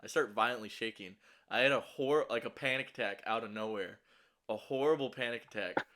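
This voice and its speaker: A young man's nervous, shaky voice sits in an ordinary middle pitch, a little fast and sharp in tone. Telling a story casually, he rambles and curses, stumbling over fillers and restarts.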